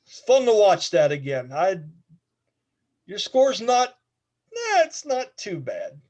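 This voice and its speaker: A man voicing a big, strong older male warrior who talks in a loud, hearty, folksy way in a tabletop game. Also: high voice, huge pitch swings, slow, exaggerated voice. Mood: approving.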